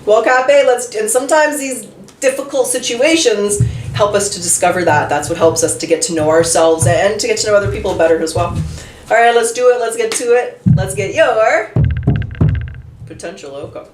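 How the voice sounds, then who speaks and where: Over music, a woman with a mid-range voice gives a chatty, candid tarot reading at a moderate pace, thinking out loud as she draws each card. The recording sounds roomy and distant from the mic, with faint noise.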